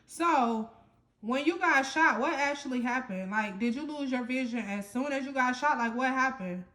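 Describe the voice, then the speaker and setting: A woman's voice: high-pitched, normal speed, fairly bright tone. A woman asking short, curious questions in casual conversation. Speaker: interviewer.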